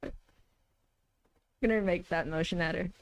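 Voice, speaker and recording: A woman's voice: on the low side, steady tone, normal speed, no room sound. A woman playing a tabletop game, talking in a playful, giggly way. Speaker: player. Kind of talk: casual tabletop role-play.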